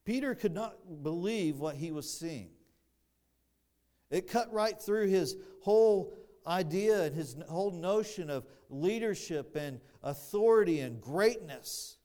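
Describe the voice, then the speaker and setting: A man preaching an expository sermon, slow and deliberate, building louder on emphatic phrases, with dry asides to the congregation. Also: sits high, expressive. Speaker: pastor.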